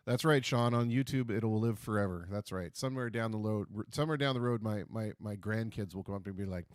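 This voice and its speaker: A man's voice: on the low side, fast, hardly any pauses, dry recording, clean studio sound. Jokey man hosting a livestream. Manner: jokey, self-deprecating, punning asides. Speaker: livestream host. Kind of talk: casual livestream chat.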